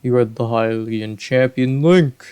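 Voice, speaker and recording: A man voicing an aged, huge male fish-folk king in a video game, speaking formally and slowly. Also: mid-range voice, darkish tone, smooth, natural voice. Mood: regal. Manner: formal, stately, slow and courtly.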